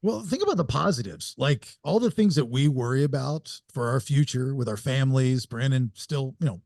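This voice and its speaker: A man's voice: medium pitch, expressive, moderate pace, creaky, a little mellow, no echo, studio quality. A man co-hosting a podcast, joking and riffing through casual chat. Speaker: podcast host.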